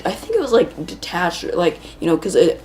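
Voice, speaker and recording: A woman's voice: fairly low pitch, sing-song, brisk, darkish tone. A woman hosting a gaming video, telling a rambling, chatty story while she plays and breaking off to react to the game. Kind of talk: casual storytelling while playing a shooter game.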